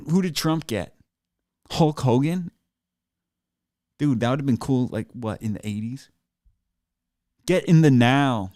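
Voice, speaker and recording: A man's voice: on the high side, darkish tone, dry recording. A man ranting at the listeners in a solo podcast, sarcastic and profane, talking into a desk mic in a small studio. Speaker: podcast host. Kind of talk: ranting monologue. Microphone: desk mic in front of a computer.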